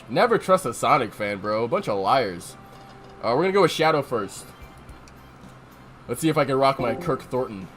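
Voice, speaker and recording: Casual, joking let's-play streamer with lively pitch. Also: moderate pace, long pauses, a little hiss or hum.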